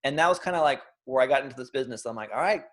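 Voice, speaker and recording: A man in his thirties, an interview guest, telling his own story in a lively, animated way and acting out the quotes. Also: medium pitch, racing. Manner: animated storyteller, acts out quotes, frequent restarts.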